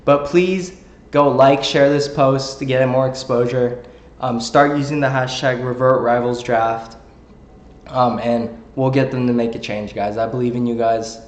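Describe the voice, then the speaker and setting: A man's voice: medium pitch, steady tone, a little slow. A young man venting to his viewers about a game company, indignant and rallying, with many ums and likes. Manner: indignant, rallying, filler-heavy. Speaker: gaming channel creator. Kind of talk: heated direct-to-camera rant. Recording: roomy echo.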